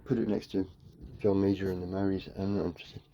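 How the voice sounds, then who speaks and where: A man's voice: low voice, level tone, fast talker, mellow, muffled recording. Rambling comic man. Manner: free-associating, playful, jumps between tangents. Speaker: comedian.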